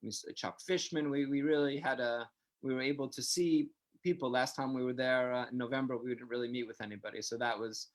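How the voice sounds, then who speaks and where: A man from New York hosting a live Q&A, telling stories in a chatty, animated way. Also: mid-range voice, a little fast. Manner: chatty, animated anecdote-teller. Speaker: host, community center director. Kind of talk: live Q&A casual storytelling.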